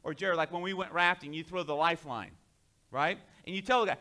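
Male pastor, high-pitched voice, animated sermon delivery with call-and-response questions. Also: brisk. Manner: animated, asks the congregation questions.

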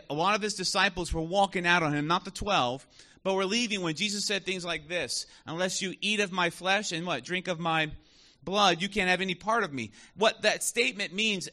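A man's voice: sits high, bright, forceful tone. A man in his thirties preaching a conversational sermon in church, often asking the congregation questions. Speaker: pastor.

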